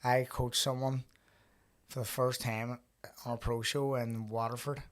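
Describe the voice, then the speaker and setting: A young man hosting a podcast in a relaxed, easygoing way. He's a boxer who drops swear words casually and spins stories from the ring. His voice sits at an ordinary, middling pitch. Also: a little slow. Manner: laid-back, swears freely, tells stories. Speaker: podcast host and pro boxer.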